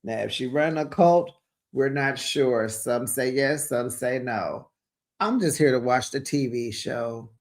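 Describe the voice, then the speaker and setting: A host giving a casual, gossipy recap of a reality-TV reunion, sassy and quick to laugh. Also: mid-range voice.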